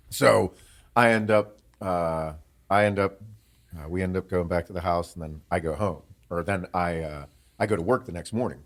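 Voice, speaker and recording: Man, podcast host, middle-aged, from western Pennsylvania, swearing, laughing storyteller, lowish voice. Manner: profane, laughs through his stories. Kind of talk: casual storytelling.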